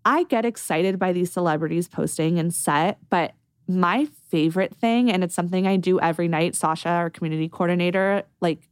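A woman, a brand founder, telling stories in a casual podcast interview, animated and full of "like". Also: on the low side, smooth, no echo. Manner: animated, quick, lots of "like".

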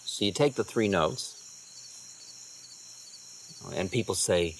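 A man, a spiritual teacher, telling unhurried rambling anecdotes with soft trailing asides. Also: on the low side, slight background noise. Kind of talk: storytelling talk.

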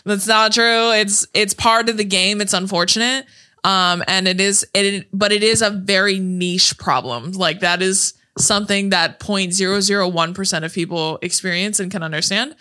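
A woman's voice: mid-range voice, moderate pace, clean tone. A young woman co-hosting a podcast, chatting casually, laughing often and swearing freely. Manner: animated, laughs often, swears casually, slips into quoted voices. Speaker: podcast co-host. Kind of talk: casual chat.

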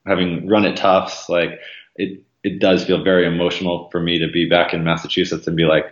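A man's voice: level tone, a little fast. A man talking as a podcast guest, rambling casually with lots of ums and likes, acting out quoted voices. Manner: acts out quoted voices with jumps in pitch. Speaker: podcast guest, marathon runner. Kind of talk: casual interview conversation. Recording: roomy, slightly dull sound.

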